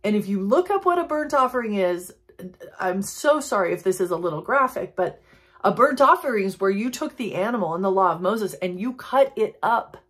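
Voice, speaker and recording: Earnest, husky-voiced woman teaching devotions. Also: mid-range voice, expressive. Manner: earnest, reflective, reads quotes slowly and softly; emotional, tender delivery. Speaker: Christian teacher.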